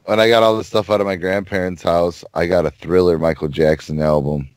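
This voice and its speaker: A man's voice: sits low, fairly even intonation, brisk, a little mellow, no echo. A young man co-hosting a podcast in casual banter, laid-back and swearing easily. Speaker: podcast co-host.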